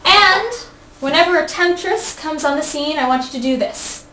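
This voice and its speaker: Young female host, high pitched, playful and chatty, reads aloud with restarts; echoey room recording. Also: a little fast, a bit bright. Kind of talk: casual study group reading. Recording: echoey room, faint background hiss.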